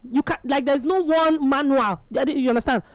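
A woman's voice: high voice, moderate pace, no room sound, poor audio. A woman with a Nigerian accent hosting a casual radio sports show, chatty and laughing, slipping into Pidgin with many fillers.

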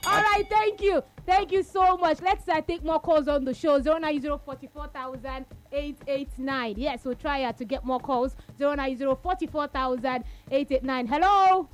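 A Nigerian woman runs a sports call-in show on the radio. Her voice sits very high, and she talks in a lively, chatty way with bits of Pidgin. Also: moderate pace, hardly any pauses. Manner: lively, mixes in Pidgin, laughs often. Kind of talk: casual sports call-in chat.

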